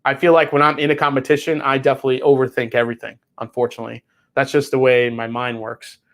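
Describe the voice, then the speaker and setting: A man's voice: medium pitch, level tone, quick pace, a bit bright. A man hosting a whiskey livestream in casual chat, rambling with restarts and swearing freely while reading chat messages. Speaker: whiskey show host.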